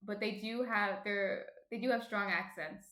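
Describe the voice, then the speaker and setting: A chatty woman with a New Jersey accent hosts a casual cooking stream from home, laughing often. Her voice sits at an ordinary middle pitch. The room gives it a noticeable echo. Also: steady tone, moderate pace, sharp tone. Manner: chatty, laughs often, reads out chat messages. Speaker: stream host, baker. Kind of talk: casual live-stream chat. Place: home apartment. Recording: roomy echo.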